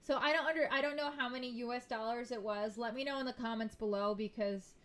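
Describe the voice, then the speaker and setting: A woman's voice: fairly high pitch, steady tone, quick pace, a bit bright. A young woman hosting a reaction video, talking casually to her viewers and rambling with many restarts. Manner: rambling and chatty, often restarting sentences. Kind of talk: casual chat to camera.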